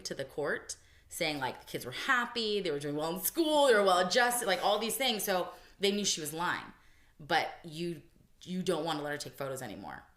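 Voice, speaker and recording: A woman co-hosting a podcast, telling a personal story in casual chat and voicing the people she quotes. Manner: animated storytelling, voices quotes with big pitch jumps. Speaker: podcast co-host. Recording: echoey room, early podcast audio.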